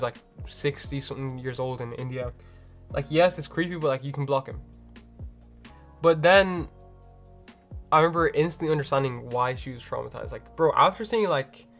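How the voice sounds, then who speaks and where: A man's voice: medium pitch, a bit bright. A man hosting a livestream and chatting casually with viewers from home, rambling and packed with slang fillers. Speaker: livestream host.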